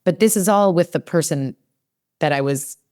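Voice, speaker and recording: A woman's voice: low-pitched, moderate pace, mellow, clear, resonant tone. A woman in her forties, a developmental psychologist, chatting in a podcast interview and acting out her own inner dialogue with many fillers.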